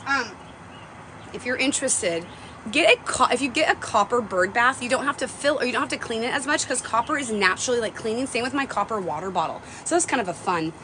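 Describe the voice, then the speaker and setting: A woman's voice: on the high side, animated, fairly quick, bright, forceful tone, a little hiss or hum. Chatty woman in her forties. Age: 40s. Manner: chatty, rambling, emotional, swears casually. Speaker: livestream host. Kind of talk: casual livestream chat. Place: home, stepping outdoors to a bird feeder.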